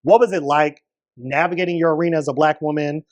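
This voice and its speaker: A woman hosting a casual interview podcast, asking questions in a relaxed way and affirming her guest often. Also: low-pitched, fast. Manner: relaxed, lots of affirming backchannels. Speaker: podcast host.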